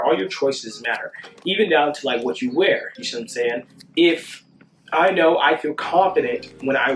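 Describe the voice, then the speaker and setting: A young adult man giving a casual motivational talk, animated and sing-song, often asking "you see what I'm saying?". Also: mid-range voice, roomy sound. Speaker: self-help vlogger.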